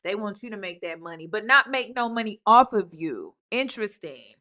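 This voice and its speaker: A woman host giving casual commentary on a video, animated and emphatic, repeating lines for effect, with speech. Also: medium pitch, moderate pace.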